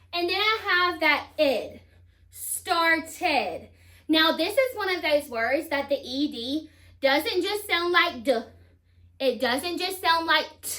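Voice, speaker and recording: A woman teacher, slowly sounding out spelling words for children. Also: high voice, bright, forceful tone. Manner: slow, deliberate sounding-out of words.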